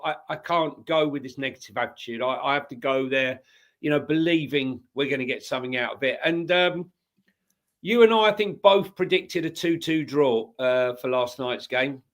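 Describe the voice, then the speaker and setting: Middle aged guy telling a match-day story, lots of ums, slightly high voice. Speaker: podcast co-host. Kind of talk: casual football chat.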